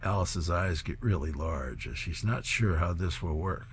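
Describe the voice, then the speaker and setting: A man's voice: sits low, animated, a little slow, a little hiss or hum. A man hosting a program where he reads comic strips aloud, chuckling at the jokes. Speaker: host reading comic strips. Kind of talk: reading service narration.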